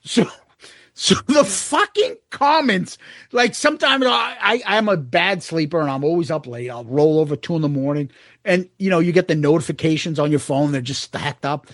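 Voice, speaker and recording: A man's voice: a little high, normal speed, a bit bright, no room sound, clean studio sound. A man co-hosting a podcast in casual, profane chat, often laughing and mimicking angry commenters. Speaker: podcast co-host.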